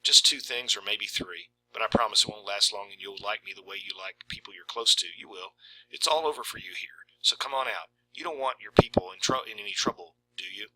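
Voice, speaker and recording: A man voicing a menacing young male stranger, who talks in a falsely gentle, coaxing, hushed way. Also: on the low side, a little fast, rough recording. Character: menacing smooth-talking young man stalker.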